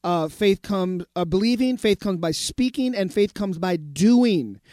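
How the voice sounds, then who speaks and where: Male radio pastor, high voice, dry close sound, emphatic preaching with repeated phrases. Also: lively intonation, unhurried, mellow, dry recording. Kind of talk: radio sermon with listener messages.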